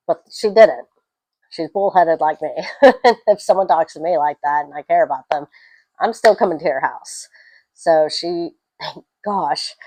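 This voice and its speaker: A woman chatting through a film review, emotional and quick to laugh. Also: low-pitched, a little mellow, no echo, poor audio. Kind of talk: casual spoken film review.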